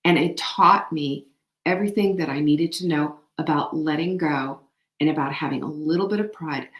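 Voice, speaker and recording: Emphatic woman, echoey room. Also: sits low. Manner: animated, emphatic, faith-inspired encouragement. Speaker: show host. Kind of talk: motivational talk.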